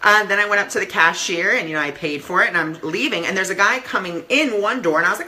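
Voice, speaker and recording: A man's voice: sits high, fast, sharp tone. A man giving a casual live-stream talk as a spiritual teacher, earnest and repeating affirmations, with many "you know" fillers.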